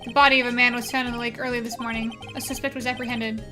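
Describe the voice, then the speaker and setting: A woman's voice: a little high, level tone, racing, over music, lightly acted. A woman voicing a TV news anchor in a game, reading a bulletin in a formal way.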